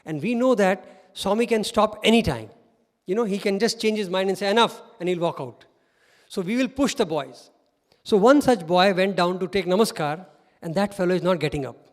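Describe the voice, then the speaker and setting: A middle-aged man with an Indian English accent, giving an animated storytelling talk as a guest speaker and laughing often. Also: high voice, moderate pace. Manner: animated, laughs often while telling stories. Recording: reverberant hall.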